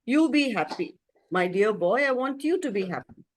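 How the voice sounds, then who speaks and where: A woman's voice: on the high side, lively intonation, normal speed. A woman telling a story, voicing a kind, selfless old male tree who speaks tenderly to the boy he loves. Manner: tender and doting.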